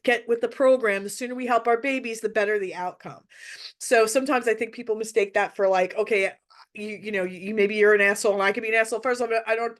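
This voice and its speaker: A middle-aged woman hosting an online workshop for parents, speaking in a direct, heartfelt way with frequent restarts. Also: on the high side. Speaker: workshop presenter. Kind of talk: emotional webinar talk to parents. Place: hotel room.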